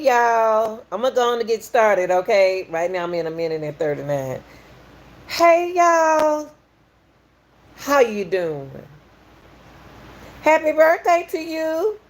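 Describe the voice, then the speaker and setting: Folksy Southern woman hosting a live stream. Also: fairly low pitch. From Atlanta, USA. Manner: welcoming, repetitive, folksy, reads out chat. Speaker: podcast host. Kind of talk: live-stream chat with viewers.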